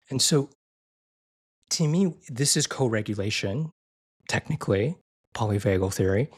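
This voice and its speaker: An earnest man, a physician and IFS therapist, is a guest in a conversational podcast interview, often repeating himself and restarting phrases. His slightly rough voice sits mid-range for a man, rising higher and softer when he quotes gentle, loving words.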